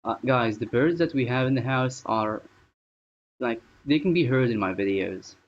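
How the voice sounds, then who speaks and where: A man's voice: medium pitch, normal speed. A man live-streaming at home in casual chatter, rambling and thinking aloud as he works. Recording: dull lo-fi stream audio.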